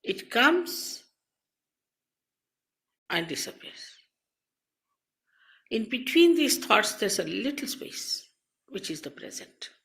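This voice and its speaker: A woman speaks as a spiritual teacher, lecturing slowly and deliberately into a microphone. Her voice is gravelly with fry, yet bright and forceful in tone. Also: fairly high pitch, big pitch swings. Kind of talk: recorded spiritual talk. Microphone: on a mic.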